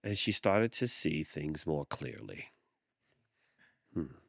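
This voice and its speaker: A man hosting a podcast, reading a picture book aloud with expressive storytelling and thoughtful hums. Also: extremely low pitch, slow, creaky, dry recording, clean studio sound. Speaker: podcast host.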